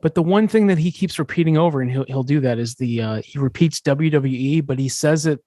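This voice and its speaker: A man's voice: a little high, quick pace, mellow, dry recording. A man hosting a podcast, explaining in a casual, chatty way with fillers and restarts. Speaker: podcast host.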